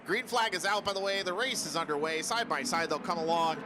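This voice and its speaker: A man commenting live on a sports car race, reading the grid in a steady rhythm and joking with his co-host. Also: high-pitched, brisk, background noise.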